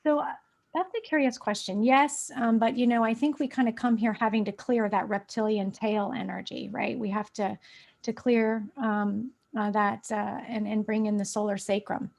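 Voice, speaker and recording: A woman's voice: mid-range voice, fairly even intonation, moderate pace, gravelly, a little mellow. A woman hosting a casual spiritual conversation over a video call, rambling with fillers, restarts and light laughs. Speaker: host.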